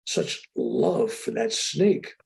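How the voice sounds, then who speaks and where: An older man tells a story in an interview with animated excitement, his voice a little high. There is a gravelly edge to it as he talks from a room over a video call. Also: drawn-out words. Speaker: interview guest. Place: room with a sheetrock wall.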